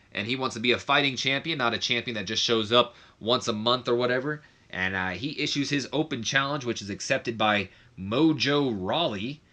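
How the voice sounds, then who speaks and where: In a chatty recap of a wrestling management game, a young male commentator stumbles through fillers, corrects himself often and briefly mimics others. He speaks in a bright, forceful mid-range voice.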